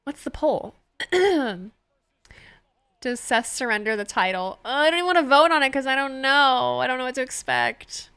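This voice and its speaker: A woman's voice: high-pitched, moderate pace, pushed and bright, smooth, no echo. A woman streamer hosting a live watch party, anxious and chatty, swearing freely as she reacts.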